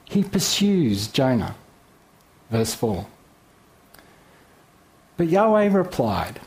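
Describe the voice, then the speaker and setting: A man's voice: medium pitch, darkish tone. A man teaching through a Bible story, reading verses and adding playful, joking asides.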